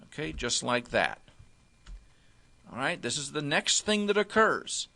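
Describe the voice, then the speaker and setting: A man teaching football defensive alignment step by step, often pausing to check with "okay?". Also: a little high, very animated, vocal fry, pushed and bright. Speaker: football coach. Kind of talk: instructional walkthrough.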